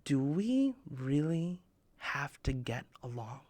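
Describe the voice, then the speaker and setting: A man's voice: medium pitch, very animated, slow pace, a little mellow. A man giving a playful, joking sermon for children, telling stories in a conversational way. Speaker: children's khutbah presenter. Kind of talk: playful storytelling sermon for kids.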